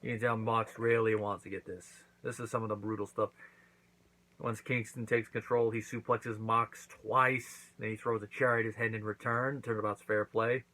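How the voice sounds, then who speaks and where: A man's voice: lowish voice, level tone, normal speed, pushed and bright, low-quality recording. Chatty man recapping a wrestling show. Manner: chatty recap with acted-out quotes. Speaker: wrestling reviewer. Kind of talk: casual review monologue.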